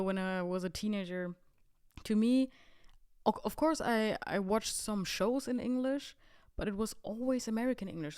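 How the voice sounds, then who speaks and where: A woman in her twenties hosting a podcast, telling a story in a chatty, animated and self-mocking way. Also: lowish voice, clear, resonant tone. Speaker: podcast host. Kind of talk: casual storytelling monologue.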